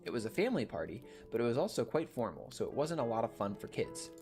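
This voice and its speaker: A man reading horror-game dialogue and narration aloud in a steady storytelling voice. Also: medium pitch, fast, over music.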